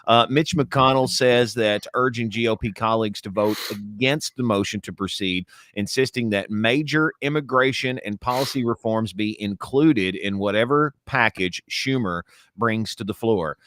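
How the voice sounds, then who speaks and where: A man co-hosting a casual podcast, reading news aloud and ranting loudly. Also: fairly low pitch, moderate pace, few pauses, no room sound. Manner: rambling, reads news aloud, then rants loudly. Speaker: podcast co-host.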